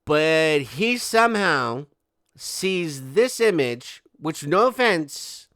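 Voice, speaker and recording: A man's voice: fairly high pitch, big pitch swings, extremely slow, a bit bright, no echo, studio quality. A man hosting a commentary video, reading quotes aloud and breaking in with sarcastic, mocking asides. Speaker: commentary channel host. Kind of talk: ranting commentary.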